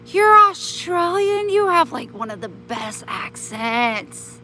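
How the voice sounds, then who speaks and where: A woman's voice: on the high side, big pitch swings, slow pace, pushed and bright, soft background music, rough recording. A woman chatting on a casual live stream, talking kindly and motherly to her viewers and her pets.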